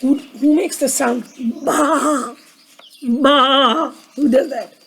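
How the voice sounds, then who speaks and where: A woman's voice: high voice, normal speed, creaky, warm tone, slightly rough, low-quality recording. A woman with a sore throat reading a picture book aloud to children, asking them to repeat words with her. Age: adult with a daughter. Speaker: storyteller for children.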